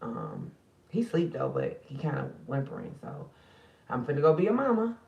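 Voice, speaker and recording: A woman's voice: extremely low pitch, sing-song, normal speed, gravelly, reverberant, distant mic, lo-fi sound. A tired woman talking at night to her viewers in a casual, emotional vlog. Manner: tired, emotional, talks straight to viewers as sisters. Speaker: spiritual card reader and channel host.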